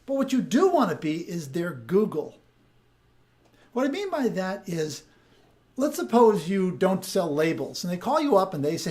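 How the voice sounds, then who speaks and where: A man's voice: high voice, very animated, moderate pace, a little mellow. A man hosting a podcast of sales tips, talking in a chatty way and often restarting or repeating his words. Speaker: sales coach and podcast host. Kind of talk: casual podcast monologue.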